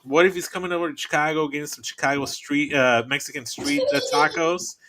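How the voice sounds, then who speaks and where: A man's voice: on the high side, fairly even intonation, a little fast, very noisy. A man co-hosting a casual podcast, joking and riffing energetically. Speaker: podcast co-host. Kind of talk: casual chat.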